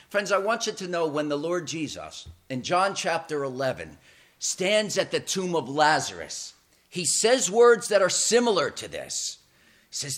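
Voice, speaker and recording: A man preaching a sermon in a church. He is dramatic and emphatic, repeats words as he builds momentum, and swings between loud peaks and hushed, low passages. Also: big pitch swings, a little slow. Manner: dramatic and emphatic, with swells and drops in volume.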